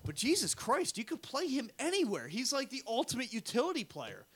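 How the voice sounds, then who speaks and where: High, lively-voiced man talking sports. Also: breathy edge, no room sound. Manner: measured, qualifying his opinions. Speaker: podcast co-host. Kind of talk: casual sports debate.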